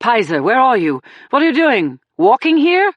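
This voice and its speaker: A woman's voice: a little high, sing-song, normal speed, no room sound, dull audio, voice pushed up. A woman reading the part of a slick, defensive male murder suspect who sputters and pleads in a raised voice. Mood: angry.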